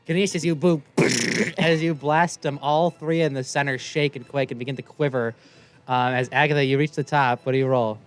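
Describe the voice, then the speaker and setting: A man's voice: medium pitch, steady tone, normal speed. A man running a tabletop game as game master, narrating in a playful, rambling way and laughing often.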